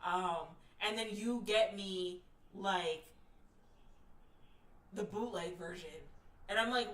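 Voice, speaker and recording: A woman's voice: mid-range voice, takes it slowly, long pauses, fairly bright tone, far from the mic. A frank, emphatic woman chats as a streamer, reacting to stories she reads aloud. She swears casually and breaks into laughter often. Her voice is set a little back from the mic in a room with a noticeable echo. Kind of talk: casual commentary while reading online stories. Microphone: streaming setup.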